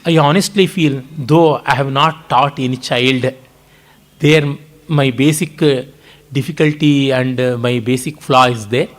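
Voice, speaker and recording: A man with an Indian English accent giving a public lecture, explaining at a measured pace with frequent pauses and restarts. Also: mid-range voice, fairly even intonation. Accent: Indian English, Kannada. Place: lecture hall.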